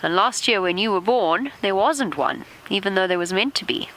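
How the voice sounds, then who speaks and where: A woman presenting a live safari broadcast from an open vehicle, chatting lively and talking softly to animals. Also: medium pitch, moderate pace, a little hiss or hum, low-quality recording. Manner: chatty, warm toward animals, lively asides. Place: open safari vehicle outdoors in rain and wind.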